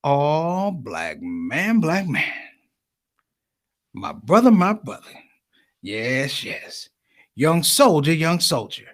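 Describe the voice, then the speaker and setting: A man's voice: on the high side, sing-song, a bit bright, heavily acted. A man putting on the voice of a solemn male street preacher who says every phrase twice. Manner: slow, repeating each phrase twice.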